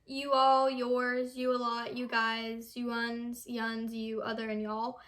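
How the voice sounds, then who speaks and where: A woman's voice: on the high side, little pitch movement, slow pace, a bit bright. Young woman reading quiz questions aloud. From United States. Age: young adult. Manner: reads questions aloud, stumbles over words. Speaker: vlogger.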